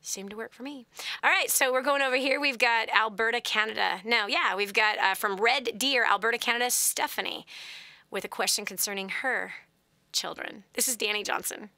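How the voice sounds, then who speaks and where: A woman hosting a radio call-in advice show, telling stories in an animated way and sometimes dropping to a whisper. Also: fairly high pitch, moderate pace, no room sound. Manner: animated, laughing, drops to a whisper at times. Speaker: host.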